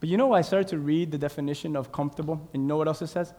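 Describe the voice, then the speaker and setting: A man preaching a sermon in a church, swinging between shouted, drawn-out lines and quiet, confiding asides. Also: fairly high pitch, steady tone. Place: church sanctuary. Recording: long reverb in a large hall.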